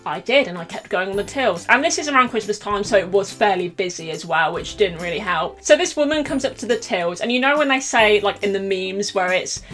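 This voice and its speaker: Animated woman telling a storytime. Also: mid-range voice, fairly quick, hardly any pauses, soft background music. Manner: animated, laughs often, acts out quotes. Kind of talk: casual storytime chat.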